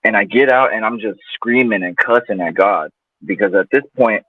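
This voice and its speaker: A man's voice: on the low side, normal speed, husky, no echo. A man guest telling a personal story in a loose, casual way, full of fillers. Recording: tinny phone-like line, dry.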